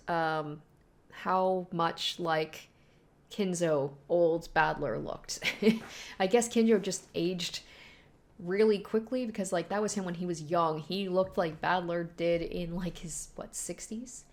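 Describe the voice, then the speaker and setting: A woman's voice: lowish voice, a little slow. A woman casually reading a manga aloud and reacting to it, chatty and laughing often. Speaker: manga read-and-react host.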